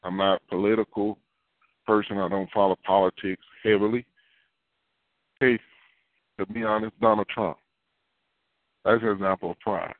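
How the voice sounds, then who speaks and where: A man's voice: fairly low pitch, level tone, normal speed, pauses often, no room sound. A man preaching a sermon in a conversational, repetitive style with folksy asides. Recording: dry, phone-like narrow sound.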